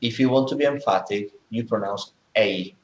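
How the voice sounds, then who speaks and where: A man's voice: on the low side, moderate pace, echoey room, lo-fi sound. A man teaching English in a classroom, explaining things step by step and checking in with many okays. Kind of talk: classroom lesson.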